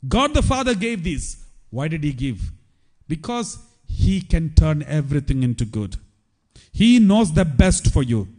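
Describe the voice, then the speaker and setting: A priest preaching a sermon, with emphatic repetition. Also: male voice, fairly high pitch, sing-song, unhurried, a little mellow.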